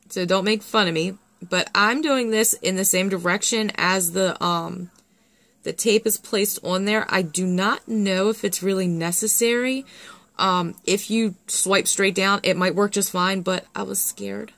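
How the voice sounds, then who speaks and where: A young woman chatting excitedly through a nail art tutorial, full of fillers and self-deprecating asides. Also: mid-range voice, a little slow, no room sound. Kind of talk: casual tutorial chat.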